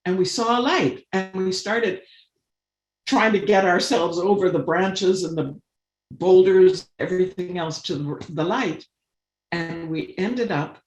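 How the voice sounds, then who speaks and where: A woman guest on a video call webinar, telling a long personal story with lively swings as she acts out what people said. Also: reverberant. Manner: animated storyteller, acts out quoted voices with big pitch jumps. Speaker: guest, artist and conservationist.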